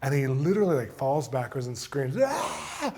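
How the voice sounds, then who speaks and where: Guy telling a crazy story, laughing a lot, gets loud and excited. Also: mid-range voice, a little fast. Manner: excited, laughs through the telling, acts out voices. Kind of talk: animated storytelling.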